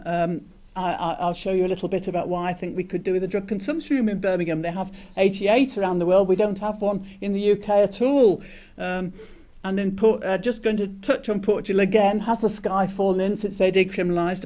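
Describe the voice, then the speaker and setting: An older man with a notably high voice gives a conference talk, telling a story from his years as a doctor. He speaks haltingly, stopping and restarting often and filling pauses with "um" and "uh". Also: darkish tone. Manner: hesitant, many restarts and fillers. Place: conference hall.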